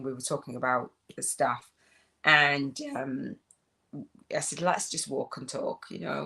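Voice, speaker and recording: A spiritual business coach in her forties, from Leeds in northern England, films a casual vlog on her phone while walking outside. Her voice is extremely low with vocal fry yet fairly bright, and she rambles chattily, often restarting.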